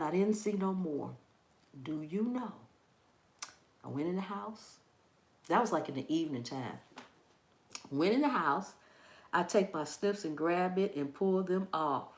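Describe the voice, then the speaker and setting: A woman hosting a gardening channel, telling a story in casual chat with viewers, animated and quick to laugh and exclaim. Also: deep voice, roomy sound.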